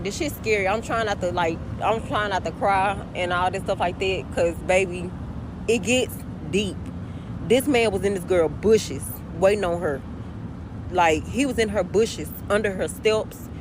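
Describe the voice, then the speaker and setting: A woman's voice: medium pitch, measured pace, background noise. Woman telling a story from her car. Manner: conversational, addresses listeners as y'all, swears freely. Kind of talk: casual storytime.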